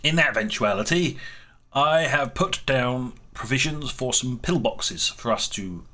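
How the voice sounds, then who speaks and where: A man tells the story of his strategy game colony in a rambling, playful way. His voice is bright and lively, and the pitch swings freely. He takes his time. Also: a little slow, soft background music. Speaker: let's play narrator. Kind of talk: in-character narration of a strategy game.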